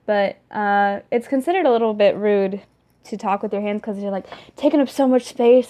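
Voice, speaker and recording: A young woman talking casually to the camera in a vlog, chatty and animated, with many fillers and restarts. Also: mid-range voice, moderate pace. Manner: animated, talks with her hands. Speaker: vlogger.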